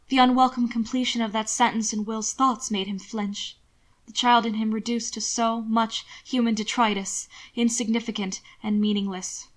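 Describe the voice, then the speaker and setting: A woman narrating a novel in a soft, even storytelling voice. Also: a little high, moderate pace. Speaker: audiobook narrator.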